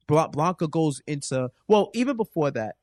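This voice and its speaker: A man co-hosting a casual TV recap show, telling the plot in an animated way and acting out the characters' lines. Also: a little high, moderate pace, dry recording, studio quality. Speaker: podcast co-host.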